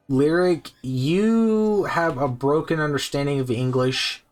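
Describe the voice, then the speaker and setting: Guy dm slowly describing the scene, lots of pauses, faint music behind. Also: mid-range voice. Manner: slow, descriptive narration with pauses. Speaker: game master. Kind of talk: narrating a tabletop game. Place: home streaming setup.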